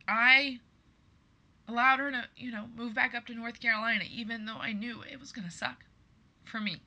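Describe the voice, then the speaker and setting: A woman's voice: fairly high pitch, steady tone, normal speed, pushed and bright. A woman in her thirties hosting a podcast, talking earnestly and with emphasis straight to her listeners. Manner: earnest, emphatic, addresses listeners as "you guys". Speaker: podcast host. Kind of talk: personal monologue to listeners.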